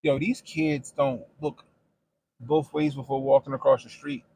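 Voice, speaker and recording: A man's voice: medium pitch, fairly even intonation, a little slow, a little mellow, slight background noise. A middle-aged man chatting casually on a stream, telling blunt, profane stories and laughing often. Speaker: streamer and commentator. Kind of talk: casual profane livestream chat.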